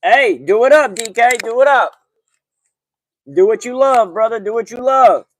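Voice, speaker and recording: A man hosts a casual livestreamed sports talk show. His voice sits on the high side. He talks loosely and in slang, greeting his chat by name as he goes. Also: lively intonation, moderate pace, fairly bright tone, poor audio. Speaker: podcast host.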